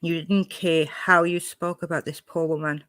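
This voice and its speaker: A woman from Wales, upset and indignant, confronts her viewers' attention on a clip she just played, reacting with anger as a reaction video host. Her low, fairly bright voice has a flat delivery and moderate pace, free of room sound.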